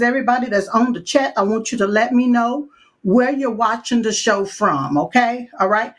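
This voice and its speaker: A woman hosting a live-stream chat show, talking in a sassy, folksy way with lots of call-outs and asides. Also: on the high side. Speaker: show host.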